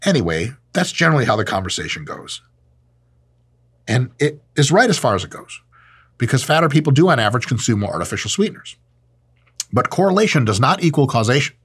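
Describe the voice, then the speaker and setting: A man giving a casual, science-minded talk with a joking, irreverent streak. His pitch swings widely as he talks, keeping the delivery lively. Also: brisk, husky. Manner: jokey, irreverent, animated. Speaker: host.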